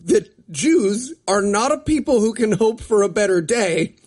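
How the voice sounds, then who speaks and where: A man's voice: high voice, lively intonation, a little slow, a little mellow. A man co-hosting a comedy podcast, riffing sarcastically in casual banter. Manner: sarcastic, slips into mocking impressions.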